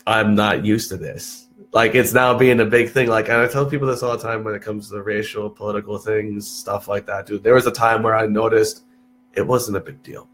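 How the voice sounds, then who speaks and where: Animated young man telling stories. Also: on the low side, a little fast, slight background noise. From Texas, USA. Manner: animated storyteller, swears freely, peppers talk with "dude". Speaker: podcast guest. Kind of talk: casual chat.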